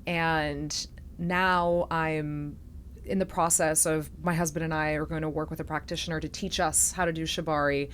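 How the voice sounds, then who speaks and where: A reflective woman host speaks softly in a somewhat low voice, opening up in an intimate conversation. A faint hiss sits under her voice. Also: level tone, moderate pace. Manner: reflective, soft-spoken, emotional at times. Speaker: podcast host.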